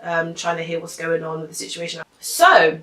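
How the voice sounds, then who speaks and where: Young woman, slangy rambling storytime, bright forceful voice, roomy echo. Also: low-pitched, normal speed. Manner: rambling, slangy, frequent fillers. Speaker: vlogger. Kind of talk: casual storytime. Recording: echoey room.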